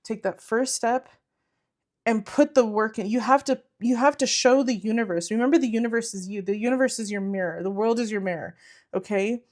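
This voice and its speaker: Speaking a little high and fairly quickly, with a darkish tone, a tarot reader delivers an earnest, encouraging reading to camera. She repeats herself, says "like" a lot and at moments is close to tears.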